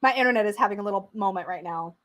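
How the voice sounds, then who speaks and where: A young woman hosting a casual livestream, chatty and excitable, reading out viewer comments as she goes. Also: medium pitch, rapid-fire. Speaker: tarot livestream host.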